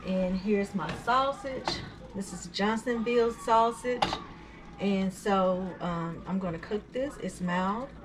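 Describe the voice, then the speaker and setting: A woman's voice: mid-range voice, a little hiss or hum. A woman hosting her home cooking channel, chatty and homey, with many fillers and restarts as she walks through a recipe in her kitchen. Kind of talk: casual home cooking tutorial.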